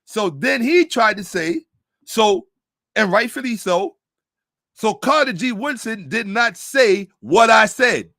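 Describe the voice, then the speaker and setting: Middle-aged male host, high pitch, emphatic storyteller, dry close sound. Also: lively intonation, bright, forceful tone, no room sound. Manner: emphatic, drawn-out stresses, storytelling. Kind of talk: casual monologue commentary.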